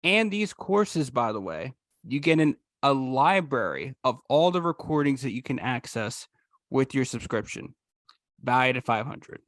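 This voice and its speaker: A man in the middle of his range, pitching a course on a video call with punchy, emphatic delivery. The sound is dry and close, with no room around it. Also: unhurried, no room sound. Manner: energetic, emphatic salesman tone. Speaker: host presenting a trading course.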